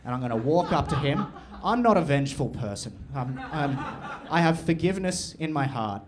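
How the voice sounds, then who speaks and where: A young man doing crude, deadpan, absurd stand-up storytelling on a comedy club stage. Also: a little high, normal speed, a crowd in the background. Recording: live venue, room noise and audience.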